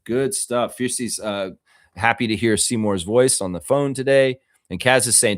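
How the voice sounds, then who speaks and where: A man hosting a live basketball podcast, chatting and joking in an animated way with his viewers. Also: mid-range voice, normal speed, dry recording, clean studio sound. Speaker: host of a basketball podcast livestream. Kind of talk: casual live commentary and chat.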